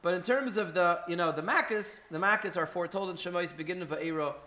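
Bright-voiced man teaching a casual Torah class. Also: sits high. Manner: conversational, halting with fillers and restarts.

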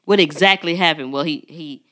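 Bright-voiced woman cohosting a podcast, swears a lot, laughs, acts out what people said. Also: low voice, a little fast. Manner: blunt, profane, laughs often, acts out quotes. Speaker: podcast co-host. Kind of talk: casual chat.

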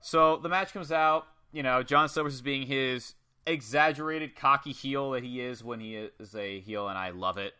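A man excitedly recapping a wrestling match in casual, profane chat. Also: mid-range voice, moderate pace, clean tone. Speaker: podcast co-host.

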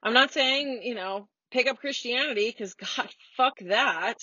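A woman in her forties from the United States talks in a blunt, heated, profane way, with a sarcastic edge. Her voice sits at a middling pitch. The sound is close and dry, a little dull and muffled, as if caught inside a car. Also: a little slow, bright, forceful tone, slightly rough, no echo. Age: 40s. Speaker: podcast host. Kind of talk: casual solo rant. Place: parked car.

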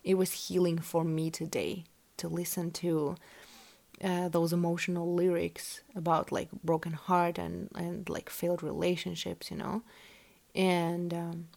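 Woman podcast host, non-native English speaker, lowish voice, unhurried tarot-reading monologue. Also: creaky, darkish tone. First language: not English. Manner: earnest, musing, full of "like" and "you know". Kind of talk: casual spiritual podcast monologue.

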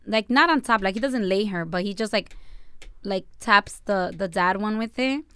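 A woman's voice: medium pitch, normal speed, sharp tone, clean tone, no room sound. A woman in casual chat, animatedly telling a story with lots of fillers and acted-out quotes. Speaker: podcast co-host telling a story.

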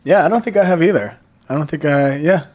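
Easygoing Southern man, drawn-out talk. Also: a little high, darkish tone. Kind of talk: casual chat.

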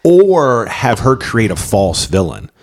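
A man in casual chat about a movie, talking fast and bluntly, rambling and swearing freely. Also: medium pitch, big pitch swings, a little mellow.

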